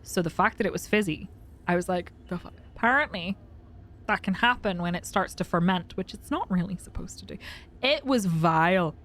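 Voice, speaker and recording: Chatty bright-voiced woman streamer. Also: on the low side, expressive, moderate pace. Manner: chatty, laughs often, greets chat by name. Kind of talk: casual live-stream chat.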